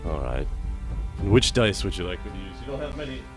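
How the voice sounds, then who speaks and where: A man running a tabletop game as dungeon master, chatty and quick with asides, often laughing. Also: deep voice, very animated, music in the background. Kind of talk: narrating a tabletop game on a livestream.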